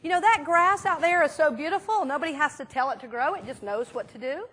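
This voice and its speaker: A woman minister preaches in a loose, chatty way, full of little fillers as she tells her stories. Her voice sits high and bright, and she talks to the room as if chatting with friends. It is a casual, animated sermon. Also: fast talker. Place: church sanctuary.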